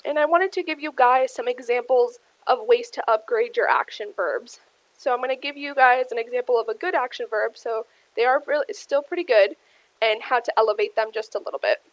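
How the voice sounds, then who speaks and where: A woman's voice: a little high, brisk, no room sound, rough recording. A young adult woman giving an instructional talk, explaining steadily with frequent ums and addressing the listeners as "you guys". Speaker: career workshop presenter. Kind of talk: instructional presentation.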